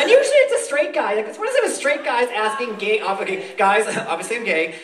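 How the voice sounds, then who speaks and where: A man in his forties from the Boston area doing a stand-up set, campy and animated, laughing at his own jokes. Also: high-pitched, fast, hardly any pauses, over a noisy crowd. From Boston area, USA. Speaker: stand-up comedian. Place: comedy club stage. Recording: echoey club room, distant.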